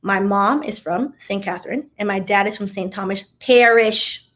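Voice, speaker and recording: A woman's voice: mid-range voice, moderate pace, a bit bright. Chatty, sassy young woman vlogger. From Miami, USA. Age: young adult. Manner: chatty and sassy, with wry asides. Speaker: vlogger answering viewer questions. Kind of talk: casual Q&A chat.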